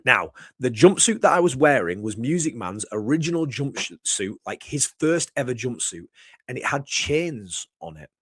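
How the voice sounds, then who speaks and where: A young man, a wrestler, telling a long rambling anecdote in a casual chat, animated and self-deprecating. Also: mid-range voice, moderate pace, husky, no echo, studio quality. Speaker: wrestler guest.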